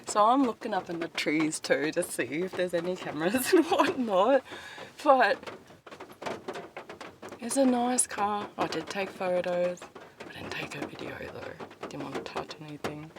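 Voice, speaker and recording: Aussie woman vlogger, lowish voice, rambles and laughs a lot, heavy background noise. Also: lively intonation, measured pace. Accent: Australian. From Australia. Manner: meandering, laughs often, swears casually. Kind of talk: rambling casual vlog. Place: inside a parked car, back seat.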